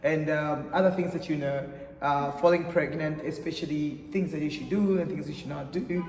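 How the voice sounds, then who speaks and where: A man's voice: a little high, fairly even intonation, moderate pace, a little mellow, far from the mic, slight background noise. A man hosting a casual interview, rambling and repeating words, laughing often. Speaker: host. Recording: echoey room with long reverb, off-mic.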